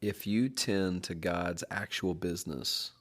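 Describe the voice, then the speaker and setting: A man's voice: sits low, unhurried. A man hosting a podcast, a pastor, chatting casually and affirming his guest with short hums. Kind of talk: casual conversation.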